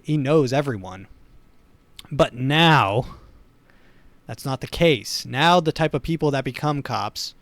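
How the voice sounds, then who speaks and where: A man hosting a comedy podcast, delivering a rambling, sardonic monologue full of dark humor. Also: mid-range voice, no room sound. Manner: sardonic, rambling, dark humor, chuckles at his own jokes. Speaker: podcast host.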